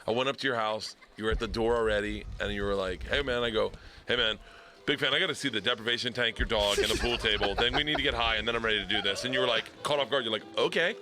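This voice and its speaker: A middle-aged man tells a long story in casual podcast chat, with a bright, forceful tone. He swears freely and acts out each quote in lively voices. A faint hiss runs under him. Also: lowish voice, fast talker. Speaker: comedian podcast guest.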